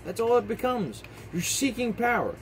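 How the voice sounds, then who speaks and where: A man's voice: extremely high pitch, sing-song, moderate pace, slight background noise, rough recording. A man vlogging an angry, profane rant, heated and repetitive, swearing often.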